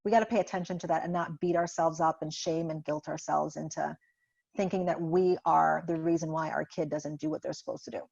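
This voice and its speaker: A woman's voice: sits low, steady tone, a little fast, gravelly, darkish tone. A woman guest talking about parenting in a conversational interview, telling stories and acting out parent and child. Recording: muffled lo-fi audio.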